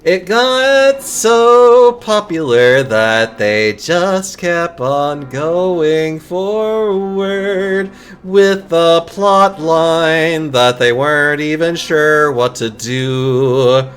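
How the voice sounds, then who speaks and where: Slow-talking, lively game streamer. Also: mid-range voice, smooth, soft background music. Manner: chatty, swears freely, laughs often. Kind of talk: casual live-stream chat.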